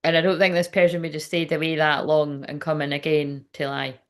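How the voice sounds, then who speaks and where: A woman's voice: sits low, level tone, brisk. A woman giving a casual tarot reading, chatty and frank, swearing often and laughing as she talks. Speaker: tarot reader.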